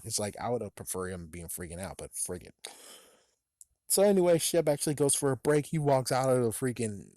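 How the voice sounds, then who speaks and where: A man giving a casual, animated spoken book review, cursing often and acting out characters' lines in quick bursts. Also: fairly low pitch, dry recording, studio quality.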